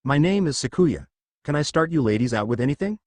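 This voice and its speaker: Man voicing a teasing young barmaid, lively lilt. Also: a little high, a little fast, dry recording.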